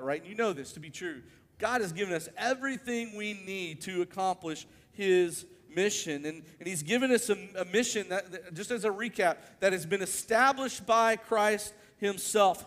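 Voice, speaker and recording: A male pastor preaching a sermon, telling a story with animated build-ups to emphatic peaks. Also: sits high, moderate pace, long reverb tail.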